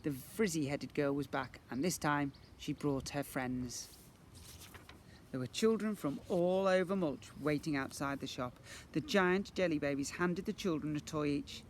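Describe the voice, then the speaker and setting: A man, a primary school teacher, reading a children's book aloud in an expressive way. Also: fairly high pitch, unhurried, slight background noise. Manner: animated, expressive storyteller.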